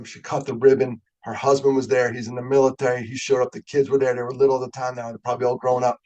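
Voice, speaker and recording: Older male keynote speaker, gravelly voice, animated storyteller. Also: medium pitch. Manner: animated, gets fired up. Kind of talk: storytelling talk. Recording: webinar audio.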